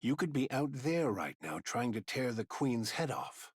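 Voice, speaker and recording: Wry aging commander. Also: male voice, mid-range voice, very animated, measured pace, breathy edge, dry recording. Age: older. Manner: dry teasing banter. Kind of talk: game voice acting.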